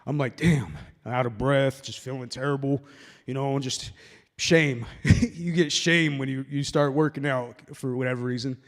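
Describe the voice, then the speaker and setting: A man's voice: mid-range voice, steady tone, normal speed, in a large hall. A man in his forties doing a loose stand-up set at an open mic, rambling and swearing freely. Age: 40s. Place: hall at a sober open mic night.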